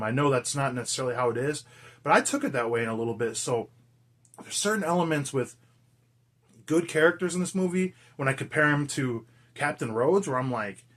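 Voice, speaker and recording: A man's voice: mid-range voice, animated, brisk, a bit bright. A man casually reviewing a horror film in an enthusiastic, rambling, profane way. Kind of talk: casual movie review chat.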